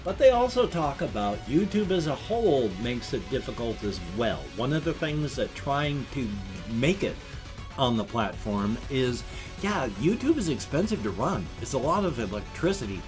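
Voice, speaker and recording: A man's voice: mid-range voice, sing-song, normal speed, music in the background. A man in his fifties talking casually and emotionally in a rambling vlog monologue. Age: 50s. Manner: emotional, rambling, talks of crying over animals. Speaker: vlogger.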